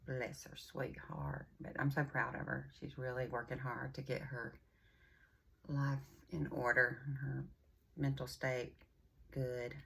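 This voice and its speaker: A woman's voice: rumbling low, flat delivery, a little slow, creaky, breathy edge. An older woman, chatting casually in a vlog, rambling and folksy, with a bit of a runny nose. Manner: chatty, rambling storyteller with a warm folksy drawl. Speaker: vlogger.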